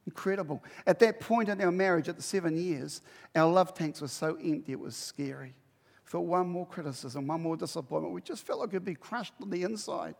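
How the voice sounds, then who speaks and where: The sound is big-room, and the middle-aged pastor's voice is on the high side, a little fast and creaky. Preaching a sermon, he tells a story with animation and energetically performs the dialogue.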